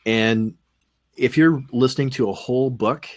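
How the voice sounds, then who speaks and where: A man with a Canadian accent talking casually on a podcast panel, rambling with many pauses and dry humor. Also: mid-range voice, slight background noise. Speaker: podcast co-host.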